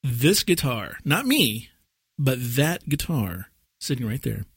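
A man with a slightly husky, mid-pitched voice chats casually on a podcast, rambling through stories and laughing often. He is recorded close and dry, with no room sound. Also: very animated, takes it slowly, dry recording. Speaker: podcast co-host. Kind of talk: casual chat.

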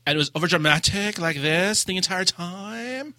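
A man spins a gaming tale in casual chat, his slightly high voice bright and crisp. He jumps into quoted lines with big swings of pitch and energy. The dry, close sound has almost no room in it. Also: moderate pace, hardly any pauses, dry recording. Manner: animated storyteller, acts out quotes. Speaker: podcast co-host.

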